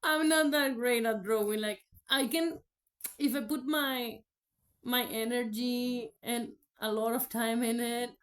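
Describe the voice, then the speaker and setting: This vlogger is a woman whose first language is Spanish, and she speaks at a fairly high pitch with fairly even intonation and no rush. She recounts her faith testimony openly and loosely, often filling pauses and starting over.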